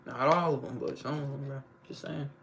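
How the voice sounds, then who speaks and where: A man's voice: medium pitch, steady tone, brisk, vocal fry, noisy background. A young man hosting a casual livestream, rambling in slangy talk and often checking in with his viewers. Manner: rambling, slangy, keeps asking "you know what I'm saying". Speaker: livestream host.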